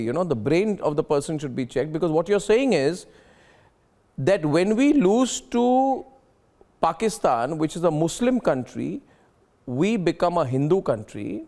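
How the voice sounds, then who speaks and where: A man's voice: on the high side, very animated, a little slow, warm tone. A man hosting a heated television debate, emphatic and repetitive as he talks over his guests. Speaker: news debate anchor.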